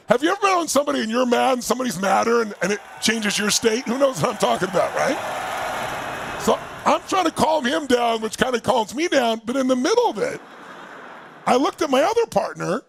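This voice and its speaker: A middle-aged man telling a story to an audience, acting out his partners' voices and shouting when he quotes anger. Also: very high-pitched, brisk. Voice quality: gravelly, husky voice. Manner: animated, shouting while acting out angry quotes. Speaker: motivational speaker.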